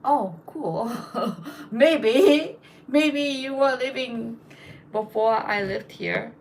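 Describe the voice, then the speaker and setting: A woman's voice: a little high, drawn-out words, vocal fry, slight background noise, low-quality recording. A young woman casually telling rambling anecdotes, with lots of fillers. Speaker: storyteller.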